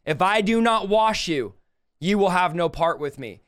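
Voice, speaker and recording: A man preaching a livestreamed sermon, emphatic and impassioned, slowing down to draw out scripture quotes and rising sharply when he rebukes. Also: high voice, expressive, a bit bright, clear, resonant tone. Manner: slows to drawn-out delivery when quoting scripture.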